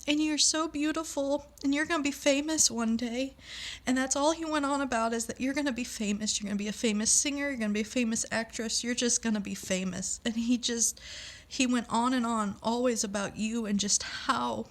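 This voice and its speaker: A woman's voice: a little high, brisk. Middle-aged woman, personal storyteller, emotional, acts out quoted voices.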